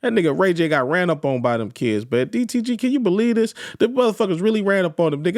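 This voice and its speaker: A young man from East Oakland with a Bay Area accent, hosting a podcast and delivering a loud, profane comedic rant that swings between high yelps and low growls. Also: animated, fast talker, hardly any pauses, dry recording, clean studio sound. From East Oakland, California. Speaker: podcast host.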